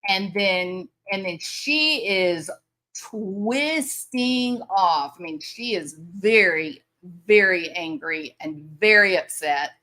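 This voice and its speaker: A woman's voice: medium pitch, expressive, takes it slowly, bright, forceful tone. A woman commentator reacting to a news story, incredulous and sarcastic, often laughing in disbelief.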